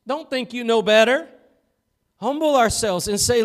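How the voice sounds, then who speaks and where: A man preaching a sermon as pastor in a church, fervent and swinging from loud to hushed. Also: very high-pitched, measured pace. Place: church sanctuary.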